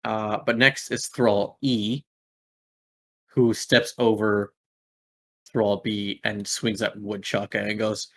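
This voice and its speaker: A man's voice: fairly low pitch, fairly even intonation, takes it slowly. A young man running a tabletop game as game master, rambling with many fillers and laughing at his own slips.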